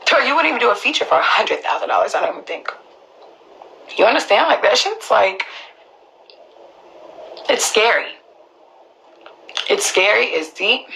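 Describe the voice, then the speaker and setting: A woman's voice: mid-range voice, very animated, normal speed, creaky, pauses often, pushed and bright, low-quality recording. A woman, telling her own story to viewers in an emphatic, profane way. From Queens, New York. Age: early 20s. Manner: emphatic, profane, restarts often.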